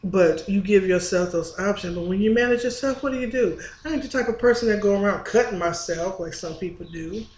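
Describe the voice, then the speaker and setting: A woman's voice: mid-range voice, brisk, hardly any pauses, a little mellow. A woman talking to her viewers in a casual, confessional vlog, earnest and candid, often restarting her sentences. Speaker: spiritual vlogger. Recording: echoey room with faint ambience.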